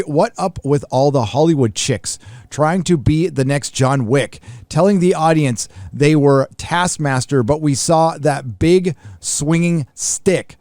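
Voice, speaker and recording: A man's voice: a little high, a little mellow, no room sound, studio quality. Man reading superchats on a live stream. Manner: reads superchats aloud then comments offhand. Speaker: host reading donations. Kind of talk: casual live-stream chat.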